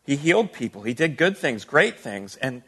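A man's voice: mid-range voice, big pitch swings, moderate pace, a bit bright, slightly rough. A man preaching a sermon as a pastor, talking casually and asking the listeners rhetorical questions. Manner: conversational teaching with rhetorical questions.

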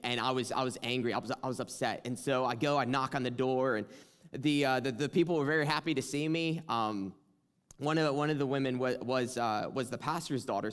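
A young man preaching a sermon, telling a personal story earnestly and building to impassioned emphasis. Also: mid-range voice.

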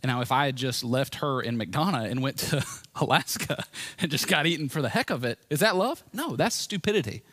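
A man delivers a sermon in an earnest, conversational way, leaning on vivid storytelling. His pitch sits in a middle range for a man, and the sound is dry and close. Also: animated, brisk, fairly bright tone, no echo. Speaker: pastor.

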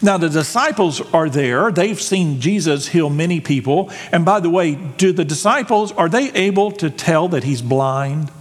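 Animated preaching man in reverberant hall. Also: high voice. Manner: animated, emphatic preaching with rhetorical questions. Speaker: pastor. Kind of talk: sermon. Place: church sanctuary.

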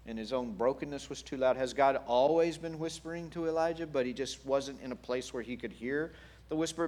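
A man preaching a sermon in an animated, playful way with wry humor. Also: a little high. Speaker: pastor.

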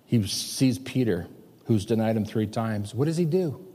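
A man's voice: on the low side, lively intonation, moderate pace. Emphatic male pastor in echoing hall. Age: 50s. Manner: emphatic, swings between loud and hushed. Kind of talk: sermon. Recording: long hall reverb.

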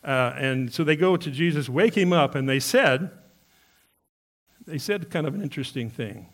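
A man's voice: a little high, expressive, normal speed. Earnest male pastor preaching a sermon. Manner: earnest, asks the congregation questions.

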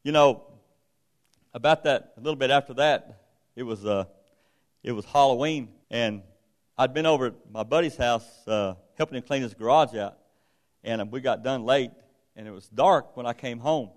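A man's voice: medium pitch, normal speed. A middle-aged man with a drawl tells a story from the pulpit. His delivery is folksy and conversational, like he's chatting with the congregation. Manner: folksy, conversational, retells dialogue. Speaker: preacher. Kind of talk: sermon storytelling.

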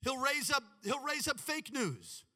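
A man preaching a sermon with animated, dramatic delivery and sudden shouts. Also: very high voice, measured pace, long reverb tail. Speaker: pastor.

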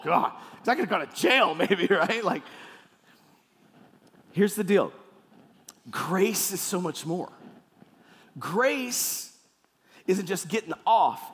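A man preaching a sermon with playful, animated storytelling in a church hall. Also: sits high, husky. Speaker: pastor. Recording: echoey hall.

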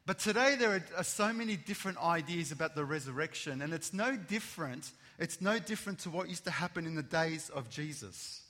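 A man preaching an Easter sermon to his church, repeating key phrases with emphasis and turning quiet and low when he prays. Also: animated, fairly quick, hardly any pauses, big-room sound. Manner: repetitive, emphatic preaching, softens for prayer. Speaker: pastor. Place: church hall.

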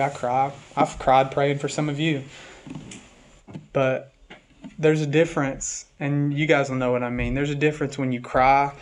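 A man preaching a sermon as pastor, speaking earnestly and openly about a hard week, at times reading hymn lines slowly and softly. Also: medium pitch, a little hiss or hum.

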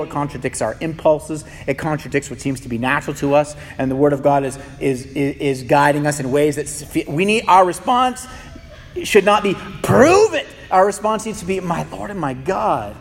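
A man's voice: on the high side, brisk. A male pastor giving an impassioned sermon in a church, often repeating words as he builds a point. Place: church sanctuary. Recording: reverberant hall.

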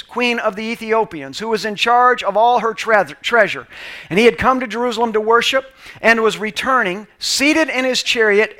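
A man preaching a sermon with passion, swinging between loud calls and quiet asides. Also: very high-pitched. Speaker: pastor.

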